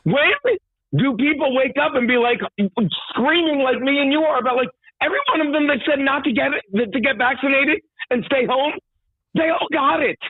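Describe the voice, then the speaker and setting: A man's voice: extremely high pitch, normal speed, dry recording. A man calling in as a guest, ranting in a worked-up, profane way during casual talk show banter. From New York. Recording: tinny phone line.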